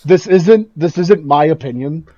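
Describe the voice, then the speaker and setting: A man's voice: a little high, measured pace, warm tone, no echo. Laughing Midwestern man, dull dry recording. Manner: laughs often, asks the questions. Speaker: podcast co-host. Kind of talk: casual chat.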